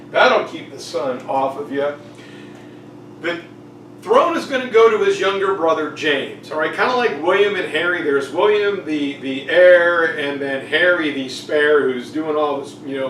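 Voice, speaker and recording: Male history teacher, high voice, jokey chatty lecture, echoey room, mic at a distance. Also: fairly bright tone, a little hiss or hum. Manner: jokey, chatty, acts out quotes. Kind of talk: casual exam review lecture.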